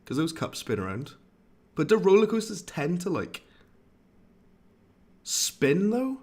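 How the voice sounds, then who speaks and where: A man's voice: high voice, sing-song, takes it slowly. Chatty man streaming a game. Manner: chatty, rambling, reads chat aloud, British slang. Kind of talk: casual live-stream gameplay commentary. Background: game music.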